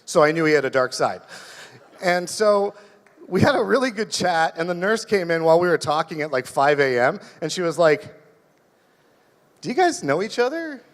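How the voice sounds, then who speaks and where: High-pitched guy doing stand-up, rambling and self-deprecating, lots of reverb. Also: expressive, moderate pace. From Canada. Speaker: stand-up comedian. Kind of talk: stand-up comedy set. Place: live comedy stage.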